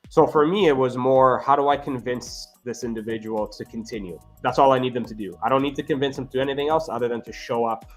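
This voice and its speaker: A man's voice: mid-range voice, fast talker, hardly any pauses, faint music behind. A man who works as a physiotherapist, telling earnest stories in a casual interview and often checking in with "right?". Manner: earnest, animated, frequent "right?" tags. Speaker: physiotherapist guest.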